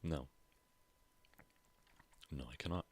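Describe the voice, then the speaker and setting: A man's voice: rumbling low, fairly even intonation, slow, a little mellow, slightly rough. A man streaming a game, reading its text aloud with playful asides in casual commentary. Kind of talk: casual let's-play commentary.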